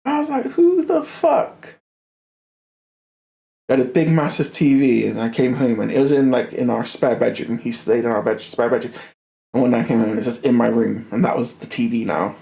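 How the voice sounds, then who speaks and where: A man's voice: mid-range voice, fairly quick, creaky, echoey room. A young man ranting casually while he plays a game, swearing often and tripping over his words. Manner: animated, swears a lot, repeats himself. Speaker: gaming streamer. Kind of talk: casual rant while gaming.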